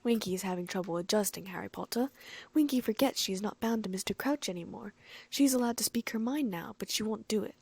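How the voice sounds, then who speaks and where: A woman's voice: mid-range voice, quick pace, creaky, a little mellow, husky, no room sound. Woman putting on an eager male house elf. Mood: earnest. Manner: broken grammar, earnest and polite.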